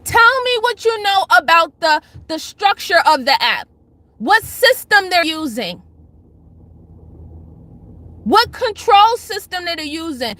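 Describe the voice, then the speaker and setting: A woman hosting a casual livestream, her voice high and bright. She shouts out chatters by name, then lectures and pleads with her viewers, hammering the same points again and again. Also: big pitch swings, slow pace, long pauses, dry recording. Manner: emphatic, repeats herself. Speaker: livestream host.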